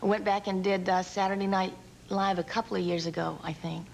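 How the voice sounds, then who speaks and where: A woman in her twenties from Alabama, a guest on a talk show, speaking in a shy, soft manner with dry humor. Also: medium pitch, fairly even intonation, fairly quick, vocal fry, slight background noise. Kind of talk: casual talk show chat.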